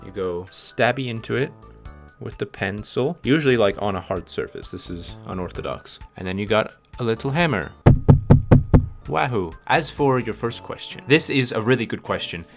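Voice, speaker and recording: A man's voice: on the low side, expressive, moderate pace, gravelly, over music. A young man in his twenties from Canada with a North American accent, answering viewer questions in a casual chat with a bouncy, up-and-down way of talking. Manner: sing-song, up-and-down rhythm with playful swearing.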